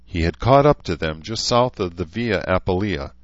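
A man reading a novel aloud as an audiobook narrator, steady and even. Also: low voice, normal speed, dry recording. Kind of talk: scripted narration. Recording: dull, lo-fi, dry.

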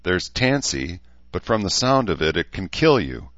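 A man's voice: low voice, very animated, moderate pace, fairly bright tone, no echo, dull audio. A man reading aloud, voicing a weary, sardonic middle-aged woman doctor. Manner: dry, exasperated.

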